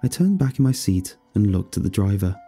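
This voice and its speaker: A man reads a first-person horror story in a steady, scripted way. His voice is low, gravelly and husky. Faint music sits under the narration. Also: brisk.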